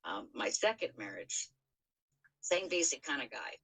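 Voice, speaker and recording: Podcast host, middle-aged woman, low pitch and a bright, forceful tone, frank and profane in her storytelling. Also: big pitch swings, a little slow, husky, rough recording. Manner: frank, swears freely, many fillers and restarts. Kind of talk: candid personal storytelling.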